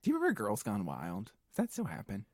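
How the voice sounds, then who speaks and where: Playful, teasing man with a lively voice. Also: on the low side, quick pace, breathy edge, no echo, clean studio sound. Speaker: podcast co-host. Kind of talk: casual podcast chat.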